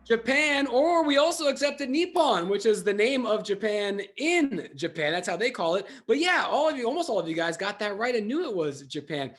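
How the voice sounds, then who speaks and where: A man's voice: high-pitched, big pitch swings, a little fast, few pauses. A man hosting an online trivia game, upbeat and playful, cracking self-mocking jokes between questions.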